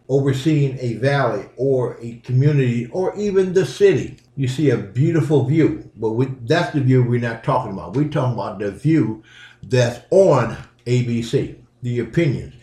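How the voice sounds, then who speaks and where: A man's voice: mid-range voice, dark tone, reverberant. A middle-aged man hosting his own podcast, talking bluntly and casually and repeating himself for emphasis. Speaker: podcast host. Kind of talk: casual solo podcast commentary.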